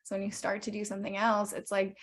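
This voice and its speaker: A woman's voice: mid-range voice, completely flat delivery, fast talker. A young woman hosting a podcast, talking candidly and animatedly in casual conversation, swearing now and then. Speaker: podcast host.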